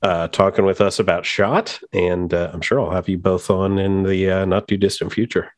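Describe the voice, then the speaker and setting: Low-voiced bantering podcast host, man. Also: steady tone, normal speed, no echo. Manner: joking, bantering. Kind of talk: casual podcast chat.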